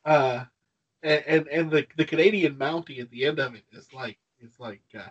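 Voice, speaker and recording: A man with a husky, slightly breathy voice chats about films on a podcast. He retells scenes at length and with enthusiasm, stumbling and restarting as he goes. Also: fairly high pitch, normal speed, lo-fi sound. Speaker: podcast co-host. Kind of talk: casual film-discussion chat.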